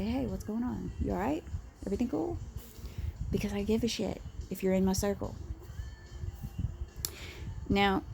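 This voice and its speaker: A female vlogger speaks straight to camera in a blunt personal rant, swearing freely, restarting sentences, and laughing quietly now and then. Her medium-pitched voice is gravelly, with a little hiss or hum in the audio.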